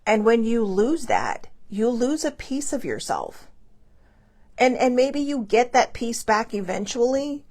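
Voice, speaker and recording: A woman hosting her own show, talking casually and emotionally about losing a pet, halting and restarting often. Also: fairly high pitch, sing-song, darkish tone. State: tearful, grieving. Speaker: host. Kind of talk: casual personal talk.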